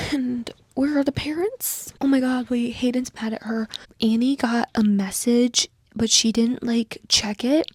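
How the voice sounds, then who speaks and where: A woman's voice: fairly high pitch, darkish tone, no room sound, clean studio sound. A young woman casually reading aloud her old fanfiction and reacting with sarcastic, giggly commentary, dropping into whispers and squealing at times.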